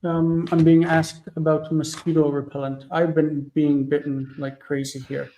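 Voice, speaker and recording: A man teaches a casual live Bible Hebrew lesson, reading verses slowly before explaining them and thinking aloud with many fillers. His voice is on the high side and warm but flat in delivery. The audio is dull, with slight background noise.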